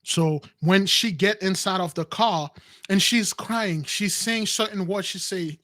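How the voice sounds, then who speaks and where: In a high voice, a little slow, a man tells his listeners a dramatic story from his own life, performing the quotes with animation. He hosts a spiritual channel, addresses everyone as "brothers," and speaks with non-standard grammar, repeats and restarts.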